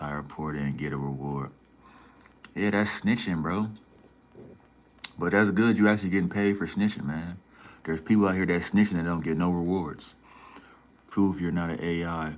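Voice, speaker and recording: Man, young adult, deep low voice, casual, slangy, reads and answers chat. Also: steady tone, brisk. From Minnesota. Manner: laid-back slangy banter, says "man" and "bro" a lot. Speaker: livestreamer. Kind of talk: casual livestream chat reading viewer comments.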